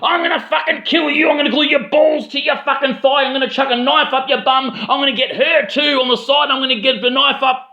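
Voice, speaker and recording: A man voicing a strung-out woman on a train who screams threats in a strained high voice. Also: fairly even intonation, racing, few pauses, lightly acted. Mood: screaming threats. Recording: echoey room, dull lo-fi sound.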